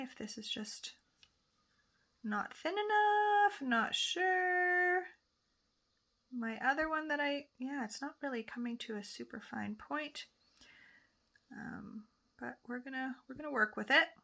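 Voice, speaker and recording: A woman's voice: a little high, gravelly, sharp tone. A woman nail technician chatting casually through a tutorial as she paints, often correcting herself mid-sentence. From Canada. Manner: chatty, talks while painting, self-correcting.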